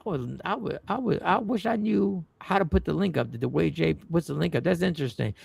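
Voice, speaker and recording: A man who is a comedian, hosting a casual livestream chat and telling animated stories that repeat lines for effect. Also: on the high side, brisk, gravelly, slightly rough, dry recording. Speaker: host.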